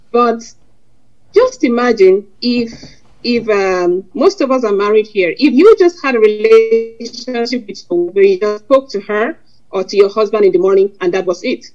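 A woman's voice: medium pitch, darkish tone. A woman preaching a sermon in an earnest, conversational way, quoting scripture and addressing her listeners directly. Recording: lo-fi dull sound.

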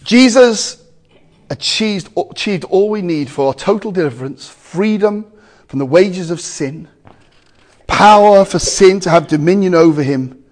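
High, lively-voiced man preaching a sermon. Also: unhurried. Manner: emphatic, swings between loud exclamations and quiet asides.

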